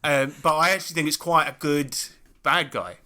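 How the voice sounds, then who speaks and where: A man with a bright, forceful voice chats on a gaming podcast. He tells stories animatedly, laughing and swearing as he goes. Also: on the high side, moderate pace. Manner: animated storyteller, swears freely, laughs often. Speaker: podcast co-host and game master. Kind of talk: casual chat.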